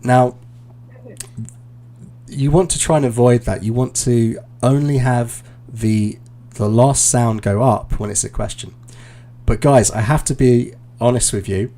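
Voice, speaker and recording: In a live online class, this British IELTS instructor explains things and gives feedback in a relaxed way, peppered with ums and uhs. He talks at a medium pitch without hurrying.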